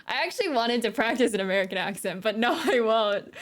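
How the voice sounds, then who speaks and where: A woman's voice: a little high, sing-song, normal speed. A young woman streaming a game, chatting casually and giggling as she reads dialogue aloud. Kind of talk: casual chat while playing a game.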